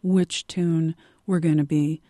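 A woman hosts a radio interview and asks curious, thoughtful questions. Her voice is mellow and a little low. The sound is close and dry. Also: steady tone, slow pace, dry recording. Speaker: radio host.

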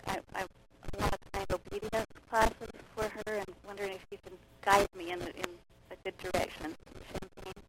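A woman's voice: medium pitch, fairly even intonation, normal speed, very noisy. A woman calling into a radio show, hesitant as she asks for help. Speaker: caller. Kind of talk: call-in question.

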